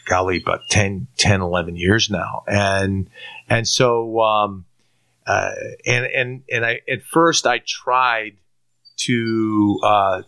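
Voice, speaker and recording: A man from Turkey tells his conversion story in a low, bright, forceful voice. He is a lively storyteller who acts out what he once said, and he often trips into repeated-word restarts. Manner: animated storyteller who acts out his own past lines. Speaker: guest giving a testimony. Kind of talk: personal faith testimony in conversation.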